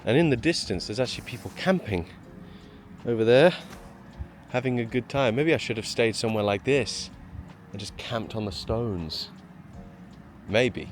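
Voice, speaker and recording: A man's voice: mid-range voice, lively intonation, normal speed, slight background noise. A man chatting to his camera while walking up to a shrine on a hillside trail, self-mocking and out of breath from the climb. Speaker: travel vlogger. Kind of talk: walking travel vlog. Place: outdoors on a hillside trail and road.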